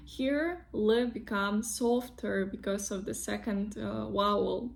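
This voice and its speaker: A woman's voice: medium pitch, slow pace, vocal fry, hardly any pauses, slight background noise. A young woman with a Russian accent teaching pronunciation in a casual online lesson, patiently repeating example words.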